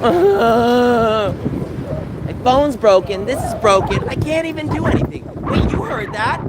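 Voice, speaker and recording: Upset high-voiced man streaming from city streets. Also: lively intonation, a little slow. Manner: distressed, pleading rants to chat. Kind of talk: live-stream vlog talking to chat. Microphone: phone. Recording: phone stream with loud street noise.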